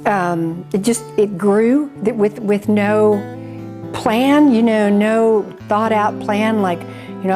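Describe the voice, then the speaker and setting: A woman's voice: mid-range voice, slow, over music. Older woman telling a heartfelt story. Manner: earnest, rambling, with many restarts. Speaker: charity founder. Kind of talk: personal storytelling interview.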